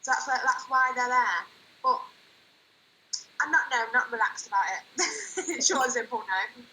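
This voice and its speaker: A woman's voice: fairly high pitch, moderate pace, sharp tone, slight background noise, low-quality recording. A young woman, co-hosting a casual football chat and giving blunt, plain-spoken opinions. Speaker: co-host.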